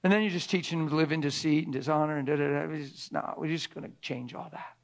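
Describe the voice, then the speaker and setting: A man's voice: fairly high pitch, steady tone, fast talker, gravelly. Man preaching, shifting between whisper and push. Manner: conversational preaching, drops to a hushed whisper for emphasis. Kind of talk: sermon.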